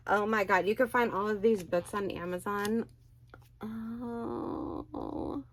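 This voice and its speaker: A woman crochet vlogger chatting excitedly as she unboxes birthday gifts, gushing and exclaiming often. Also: medium pitch, takes it slowly, slight background noise.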